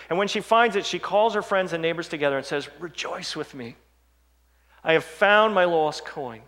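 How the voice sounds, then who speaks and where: A male pastor preaching a sermon, dropping to hushed, low passages and rising to loud, emphatic scripture reading. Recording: long hall reverb.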